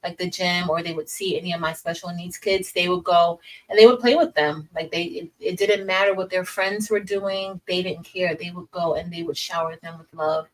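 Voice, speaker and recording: A woman's voice: fairly low pitch, fairly even intonation, normal speed, far from the mic, low-quality recording. A woman teacher hosting a casual livestream, chatting with viewers, reading the chat aloud and calling them y'all.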